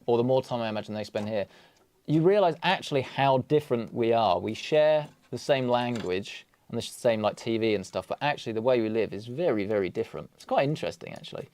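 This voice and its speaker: A young Englishman with a British accent talks through a computer build on a livestream. He keeps up a loose, joking patter and teases himself along the way. His voice sits at an ordinary pitch, and the recording is dry and close, with almost no room sound. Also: lively intonation, fairly quick, darkish tone, no echo. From England. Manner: joking, self-deprecating, chatty asides. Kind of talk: casual livestream chat while building.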